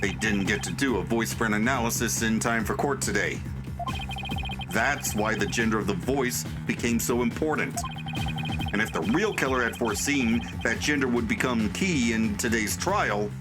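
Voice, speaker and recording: A man voicing an older purple monster puppet hosting a game playthrough, with low, dry asides. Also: moderate pace. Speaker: let's play host. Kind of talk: casual game commentary. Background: game music.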